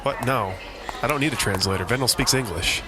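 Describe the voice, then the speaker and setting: An actor playing a wisecracking private detective who narrates in a dry, hard-boiled way and grows exasperated. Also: male voice, medium pitch, a little fast, noisy background, close to an everyday voice. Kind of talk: comedy noir audio drama.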